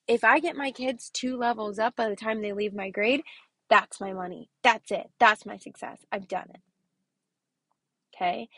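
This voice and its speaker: A woman with a slightly high, fairly bright voice and a breathy edge, in a dry recording, hosts a casual motivational podcast; she teaches kindergarten. She speaks with emphasis, frequently asking "okay?" and slipping into a whisper to underline what matters.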